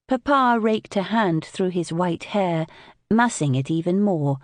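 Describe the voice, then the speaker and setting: Brief: woman audiobook narrator, lower voice, slow and lively delivery, dry studio sound. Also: no echo. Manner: expressive, measured storytelling.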